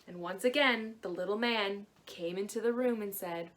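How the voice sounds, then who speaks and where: A woman librarian telling a fairy tale to children in a gentle, expressive way. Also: medium pitch, normal speed. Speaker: librarian storyteller. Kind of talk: storytelling to children.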